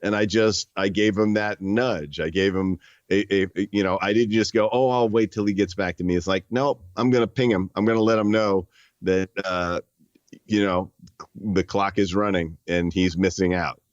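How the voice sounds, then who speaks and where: In a low, steady voice, a man from the northern United States talks as a guest author in a casual interview, halting often with restarts and fillers. The dry recording has its highs cut off.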